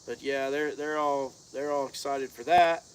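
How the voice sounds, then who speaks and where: A man's voice: medium pitch, fairly even intonation, unhurried. A man co-hosting a casual live chat, talking in a folksy, rambling, drawling way. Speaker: co-host of a car-build channel. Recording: faint outdoor insect noise.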